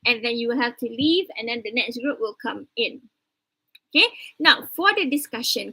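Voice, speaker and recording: A university lecturer from Kelantan, speaking with a Malaysian English accent, briefs her class online in a chatty, teasing way and mixes English with Malay. Her voice sits a little high and has a sharp tone. The recording is low quality with no echo.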